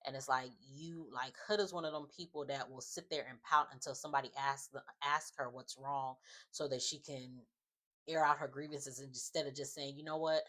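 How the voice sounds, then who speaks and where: A woman's voice: rumbling low, fairly even intonation, moderate pace, a bit bright. A woman giving a casual, opinionated recap of a reality show, chatting loosely with many fillers. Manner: chatty, opinionated, often says "just like" and "um".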